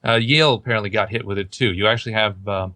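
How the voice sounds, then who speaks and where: A man's voice: on the low side, fast talker, bright, forceful tone, dry recording. A young man hosting a casual podcast chat, rambling and outspoken, often acting out what others said. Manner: rambling, outspoken, quotes others in put-on voices. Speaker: podcast host.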